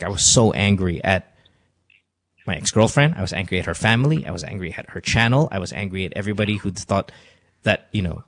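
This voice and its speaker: A man hosting a call-in podcast from a studio, talking earnestly and confessionally, repeating himself as he gives advice. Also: low-pitched. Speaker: podcast host. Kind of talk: emotional call-in advice talk. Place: radio studio.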